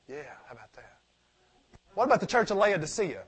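A man preaching a sermon, swinging from loud emphatic points to quiet asides and asking rhetorical questions he answers himself. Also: high voice, very animated, brisk, long pauses.

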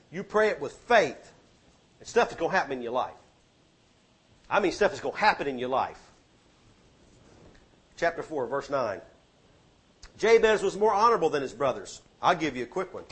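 Middle-aged preacher, man, higher voice, punchy sermon delivery with booming and hushed swings. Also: lively intonation, a little fast, husky. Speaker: pastor.

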